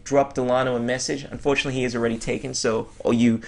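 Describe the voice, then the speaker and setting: A man hosting a podcast in casual chat, joking and animated at the sign-off. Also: mid-range voice, very fast, vocal fry. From Australia. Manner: jokey, animated sign-offs. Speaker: podcast host.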